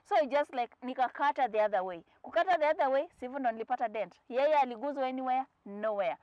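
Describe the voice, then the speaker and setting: A young Kenyan woman chats to her viewers in a bright, slightly raised voice, mixing English with Swahili and acting out the people in her stories. The sound is dry and close, with no room around it, and a little muffled. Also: high voice, lively intonation, fast, dry recording. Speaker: vlogger. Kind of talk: casual storytelling to camera.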